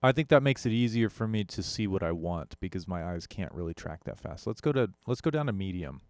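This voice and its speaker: A man's voice: deep voice, expressive, brisk, darkish tone, dry recording, soft background music. A young man, a musician, casually talking through an audio gear comparison, rambling and correcting himself as he goes. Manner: rambling, self-correcting, with frequent fillers. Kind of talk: casual tech demo talk.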